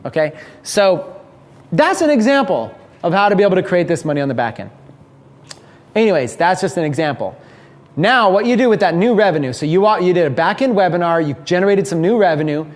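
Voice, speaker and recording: A man with a slightly raised voice teaches a room in a live seminar. He talks in a lively, conversational way and voices the doubts his listeners might have. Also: fairly high pitch. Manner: energetic, conversational, acts out listeners' thoughts. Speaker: business speaker teaching a mastermind.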